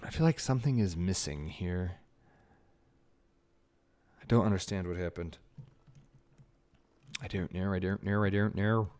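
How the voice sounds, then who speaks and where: A man's voice: low voice, a little slow, pauses often, darkish tone. A man streaming a building game, chatting casually with viewers and muttering to himself in a self-mocking way. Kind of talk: casual livestream chat while building.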